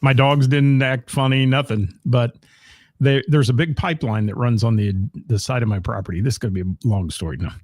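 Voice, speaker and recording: A man's voice: medium pitch, brisk, a little mellow, no room sound. A middle-aged man from Ohio, co-hosting a casual live-streamed chat from home and greeting viewers by name. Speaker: co-host of a live-streamed talk show.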